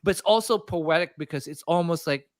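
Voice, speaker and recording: A man's voice: a little high, fairly quick, no echo. Dry-sounding enthusiastic podcast host man. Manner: enthusiastic, rambling. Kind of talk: casual chat.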